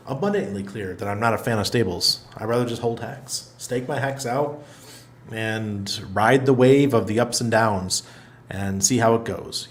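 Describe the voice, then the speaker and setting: A man's voice: mid-range voice, slight background noise. A middle-aged man hosting a casual livestream, reading viewer comments aloud in a loose, chatty way and laughing often. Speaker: livestream host. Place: apartment in Panama.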